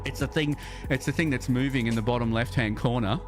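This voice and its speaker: A man's voice: mid-range voice, brisk, music in the background. An Australian man chatting casually on a game livestream, rambling and repeating words as he thinks aloud, reading viewer chat as he plays. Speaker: streamer.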